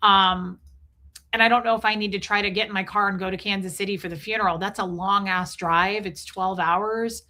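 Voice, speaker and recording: A woman's voice: mid-range voice, fairly even intonation, brisk, bright, forceful tone. A middle-aged woman hosting a livestream, chatting in a rambling, emotional way and thanking viewers as she goes. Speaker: livestream host. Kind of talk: casual livestream chat.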